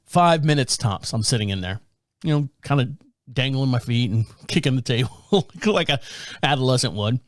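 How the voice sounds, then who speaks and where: A man's voice: medium pitch, moderate pace, dry recording, studio quality. A man hosting a podcast, telling a casual story, laughing often and acting out the voices of the people in it. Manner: animated, laughs often, acts out quoted voices. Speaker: podcast host.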